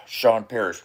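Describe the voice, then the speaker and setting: A man's voice: extremely high pitch, gravelly, fairly bright tone, slightly rough. A man in casual, profane chat who laughs and coughs between lines and walks the viewer through his screen step by step.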